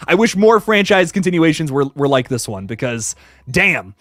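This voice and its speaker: A young man hosting a casual live stream, chatting excitedly with viewers and greeting them by name. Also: on the high side, moderate pace, dry recording, clean studio sound. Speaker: livestream host reviewing films.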